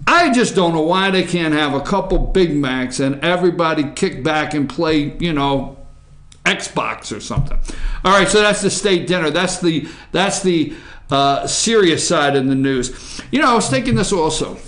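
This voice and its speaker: A man's voice: on the high side, lively intonation, moderate pace, fairly bright tone, reverberant. A man hosting a casual morning opinion show from a studio, rambling and joking irreverently.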